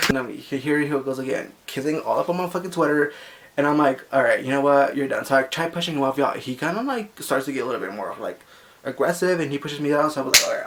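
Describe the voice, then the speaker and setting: Young male vlogger, gravelly, medium pitch; casual and sassy storytelling. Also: fairly bright tone. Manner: chatty, sassy, heavy on filler words.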